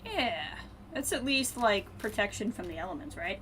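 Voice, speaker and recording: A woman streaming a video game, thinking aloud and muttering to herself, then brightly greeting her viewers. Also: on the high side, very animated, normal speed, a little hiss or hum. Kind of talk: casual live-stream chat while playing.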